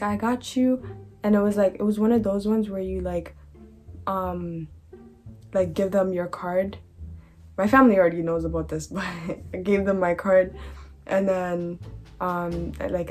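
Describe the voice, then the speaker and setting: A woman's voice: lowish voice, normal speed, soft background music. Slangy young woman telling a storytime. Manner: animated, slangy, trailing off into unfinished sentences. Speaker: vlogger. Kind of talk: casual storytime.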